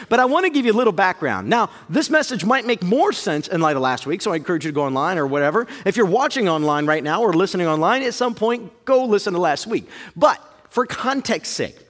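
A man in his thirties preaching a storytelling sermon, animated and self-mocking, jumping to high yelps when he acts out fear. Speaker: pastor. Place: church auditorium. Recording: reverberant hall.

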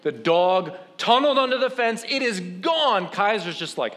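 Animated man telling a sermon story. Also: high-pitched, normal speed, a little hiss or hum. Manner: animated, self-deprecating, acts out quotes.

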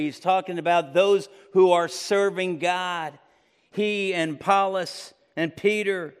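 A man preaching a sermon, swinging between loud emphatic peaks and low quiet passages. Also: steady tone, slow pace, clear, resonant tone. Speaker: pastor. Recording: long reverb of a large room.

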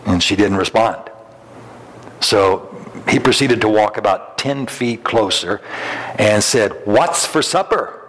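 Taking his time with long pauses, a middle-aged male pastor speaks in a lowish, fairly bright voice. His sermon is built on folksy anecdotes laced with chuckles and many restarts, recorded with long hall reverb.

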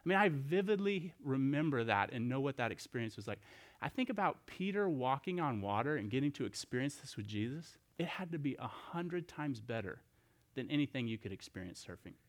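A male pastor delivering a sermon in an easy, conversational manner. He retells a scripture story, asks his listeners rhetorical questions and often restarts his sentences. His voice sits at an average pitch for a man. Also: big pitch swings, fairly quick.

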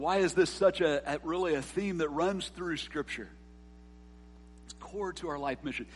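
A man preaching a sermon, earnest, rising to emphatic peaks and dropping soft on key words. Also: fairly high pitch, slight background noise. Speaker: pastor.

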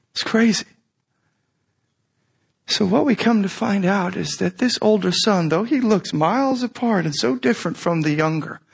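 High-voiced man preaching a sermon. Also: gravelly, slightly rough. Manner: conversational and animated, with rhetorical questions. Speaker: pastor.

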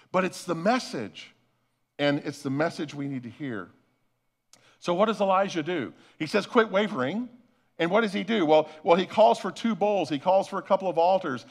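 A male pastor preaching a sermon, retelling a scripture story with lively, acted-out voices and asides to the congregation. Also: high-pitched. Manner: animated storytelling preacher, acts out voices, addresses the congregation as folks.

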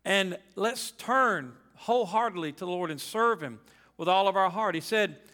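A man's voice: sits high, moderate pace, pushed and bright, long reverb tail. A pastor preaching a sermon to his congregation, emphatic and folksy, repeating his key phrases.

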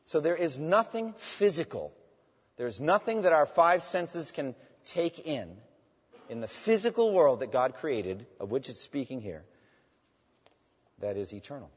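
A man delivering a sermon, rising with force as he reads scripture and dropping low and quiet when he turns to address his friends in the pews. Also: very animated, moderate pace, husky. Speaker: pastor. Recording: dull reverberant hall sound.

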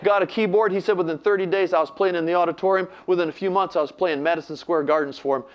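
A man's voice: sits high, fairly even intonation, fast talker. An older man preaching, telling a story animatedly and acting out the voices he quotes. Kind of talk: sermon storytelling.

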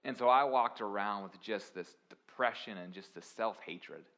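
A young man preaching a sermon, swinging from quiet confessional lines to loud, emphatic preaching. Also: fairly low pitch, normal speed. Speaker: pastor.

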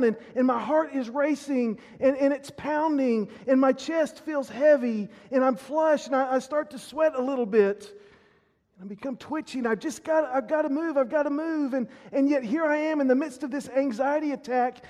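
A male pastor with a strikingly high voice delivers a sermon, telling a personal story earnestly and often restarting his phrases. His voice rings with the long reverb of a church sanctuary.

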